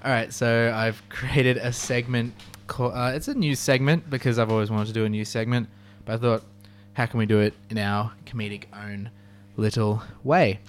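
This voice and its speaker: A man's voice: medium pitch, steady tone, moderate pace, hardly any pauses, a little hiss or hum. A man co-hosting a student radio show, chatting casually in a rambling way full of fillers. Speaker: radio co-host.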